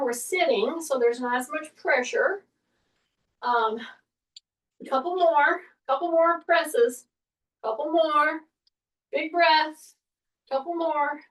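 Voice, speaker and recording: A woman fitness instructor with a high voice guides a workout in an unhurried way, cueing each breath and each pull. She sounds a little far from the microphone. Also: fairly bright tone. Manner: coaching cues, counts breaths. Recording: voice from a distance.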